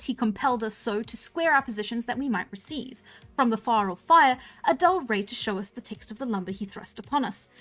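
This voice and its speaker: Woman reading a novel aloud on a stream, kinda high voice, faint music behind. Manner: relaxed and chatty, laughing at her own slips. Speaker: storyteller.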